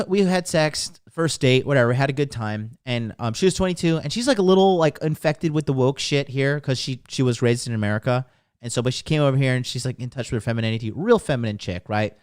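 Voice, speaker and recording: A man's voice: mid-range voice, clean tone, no room sound, studio quality. A man hosting a live-streamed dating talk, telling stories in a crude, blunt, profane way. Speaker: dating coach host. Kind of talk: live-streamed casual monologue.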